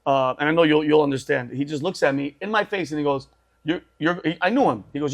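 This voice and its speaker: A man in his forties tells his story on a podcast, his voice sitting a little high. He talks emphatically, circling back over his words and dropping "bro" and "dude" as he goes. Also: quick pace, gravelly. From Assyrian family. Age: 40s. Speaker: guest.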